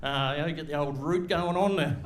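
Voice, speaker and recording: A man's voice: on the high side, brisk. A middle-aged man with an Australian accent doing a live stand-up set on a comedy club stage, crude and swearing as he teases the crowd. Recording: echoey live club room.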